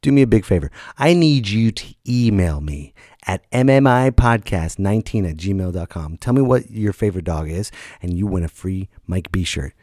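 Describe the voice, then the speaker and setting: A middle-aged man riffs through a comic podcast monologue in a low voice that swoops up and down. He talks like an animated storyteller and jumps into loud, high put-on voices. He sounds a little worn from being sick, and the recording is dry and close. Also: moderate pace, no echo. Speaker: comedian and podcast host.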